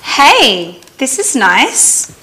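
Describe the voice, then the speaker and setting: An actress with an Australian accent playing a chatty young woman in a language-course drama, speaking slowly and clearly. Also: sits high, very animated, background noise, exaggerated voice. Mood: friendly. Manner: slow, clearly enunciated lines. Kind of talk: scripted drama dialogue for learners.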